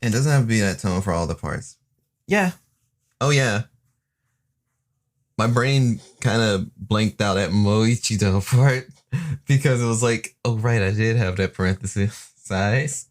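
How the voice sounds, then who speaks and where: A man's voice: lowish voice, unhurried, faint music behind. A man streaming live while recording a song, chatting casually in a rambling, self-deprecating way that often trails off mid-sentence.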